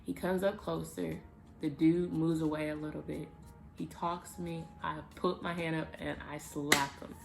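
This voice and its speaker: A woman vlogger telling a personal story to the camera in a casual, animated way, with emphatic bursts. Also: low voice, moderate pace, creaky, faint music behind.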